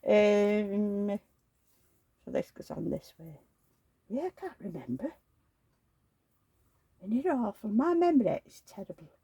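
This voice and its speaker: In a dry, muffled recording, an older woman who vlogs about doll collecting tells a rambling, casual story about an argument, animatedly retelling it while forgetting where she was going. Her medium-pitched voice has a breathy edge, with a moderate pace and frequent pauses.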